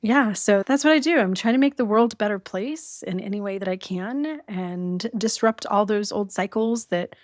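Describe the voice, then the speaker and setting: Woman in her forties, animated storyteller, podcast guest, mid pitch, dry close sound. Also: normal speed, few pauses, no echo. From Arizona. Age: 40s. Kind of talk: casual storytelling interview.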